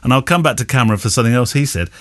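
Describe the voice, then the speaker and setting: Chatty podcast host, lively pitch. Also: male voice, rapid-fire, dry recording, clean studio sound. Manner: rambling, chuckling, self-correcting. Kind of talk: casual podcast chat.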